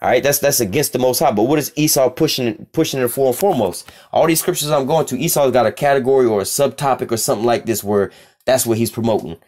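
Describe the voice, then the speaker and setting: A man's voice: mid-range voice, a little mellow. Blunt, profane man teaching scripture. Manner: blunt and profane, reading verses aloud slowly. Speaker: religious teacher.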